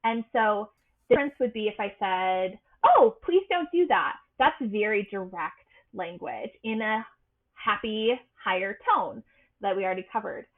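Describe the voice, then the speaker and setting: A woman speaking as a podcast guest coach. She talks in a bright, bubbly, sing-song way. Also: medium pitch, moderate pace. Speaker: boundary life coach. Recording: tinny phone-like line.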